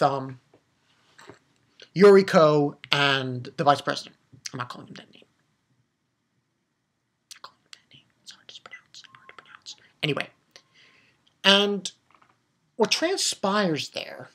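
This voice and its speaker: Anime reviewer, casual episode recap, rambling, restarts a lot, emphatic, mid-pitched voice. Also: fairly bright tone. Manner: rambling, with frequent restarts and fillers; emotional and emphatic about the story.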